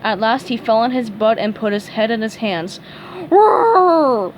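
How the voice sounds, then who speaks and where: A woman reading a cartoon fan story aloud, slowly and carefully, with the odd stumble. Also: on the high side, steady tone, a little hiss or hum, low-quality recording. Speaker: fan fiction reader. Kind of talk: storybook read-aloud narration.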